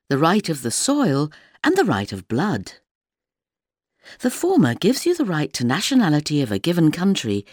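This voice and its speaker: A woman teaching a language, reading words one by one in a slow, deliberate vocabulary drill. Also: low-pitched, darkish tone, slightly rough, no room sound, studio quality. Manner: deliberate, reads each word separately.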